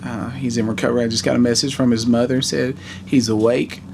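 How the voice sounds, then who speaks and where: A man in his forties telling a heartfelt personal story in a vlog, earnest and halting. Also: mid-range voice, level tone, vocal fry, background noise. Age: 40s. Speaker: vlogger.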